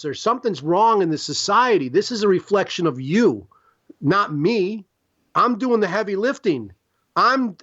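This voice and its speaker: High-voiced, profane, rambling man. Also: a bit bright, muffled recording. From Chicago. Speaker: guest artist. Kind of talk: casual podcast interview.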